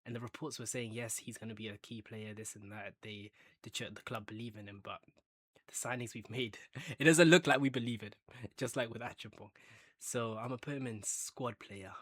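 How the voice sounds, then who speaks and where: A man's voice: mid-range voice, fairly even intonation, moderate pace, fairly bright tone, no echo, studio quality. A man hosting a casual football chat, ranking players with banter and bursts of hype. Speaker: football fan channel host.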